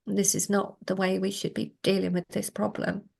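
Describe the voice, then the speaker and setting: Gravelly middle-aged woman, storytelling. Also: mid-range voice, normal speed. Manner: animated storyteller, acts out quoted voices. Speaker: guest, canine healer. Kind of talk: storytelling interview answer.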